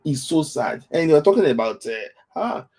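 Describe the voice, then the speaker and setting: A Nigerian man with a husky, dark-toned voice hosts a casual football live stream. He speaks in a lamenting way, circling back to the same phrases again and again, while his pitch swings widely. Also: expressive, moderate pace. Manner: lamenting, repeats phrases over and over. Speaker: football talk show host.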